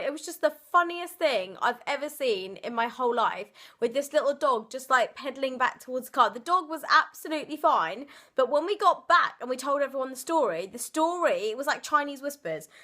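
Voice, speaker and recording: A woman's voice: high-pitched, sharp tone. A young woman, chatting through a storytime vlog, giggly and full of fillers. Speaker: vlogger. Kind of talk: casual storytime chat.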